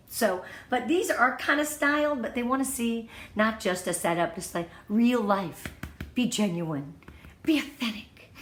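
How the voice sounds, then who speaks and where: A woman's voice: mid-range voice, fairly bright tone. A woman giving her sales team an upbeat, gushing training talk on online party presentations, at home in front of her product display wall. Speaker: direct-sales consultant coaching her team. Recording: echoey room.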